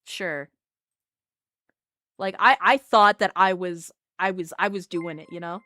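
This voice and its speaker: A woman VTuber chatting casually on a live stream, animated and self-mocking. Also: on the low side, measured pace, no room sound.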